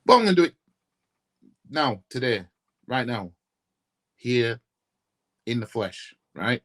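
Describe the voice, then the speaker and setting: Husky yorkshire guy ranting about football, swearing a lot, voice jumping all over. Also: mid-range voice, big pitch swings, slow, fairly bright tone. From Yorkshire, England. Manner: blunt, profane, repetitive ranting with rhetorical questions. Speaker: football fan vlogger. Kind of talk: ranting casual vlog.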